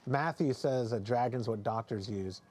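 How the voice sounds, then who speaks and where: A man's voice: medium pitch, moderate pace, darkish tone. A man hosting a casual podcast chat, talking in a rambling, self-correcting, jokey way, with a mild speech impediment. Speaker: podcast host.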